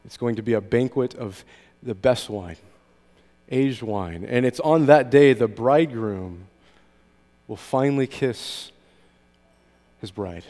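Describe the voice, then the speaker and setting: A man's voice: medium pitch, takes it slowly, long pauses, mellow, in a large hall. A man speaking as a pastor at communion, earnest, with frequent ums and small restarts. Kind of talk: communion meditation.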